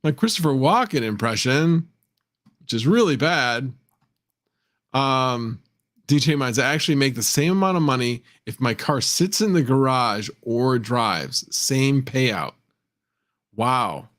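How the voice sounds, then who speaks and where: A man hosting a casual livestream, thinking out loud and reading viewer comments as he goes. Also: medium pitch, animated, slow pace. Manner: rambling, reads chat aloud, thinks out loud. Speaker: livestream host.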